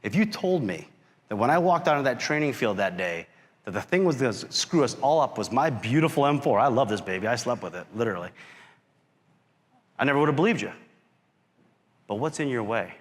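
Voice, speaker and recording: Animated male speaker in a reverberant hall. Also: mid-range voice, brisk, pauses often. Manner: animated storyteller who acts out quotes and shouts. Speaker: keynote speaker, company founder. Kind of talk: motivational storytelling talk. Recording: long reverb of a large hall.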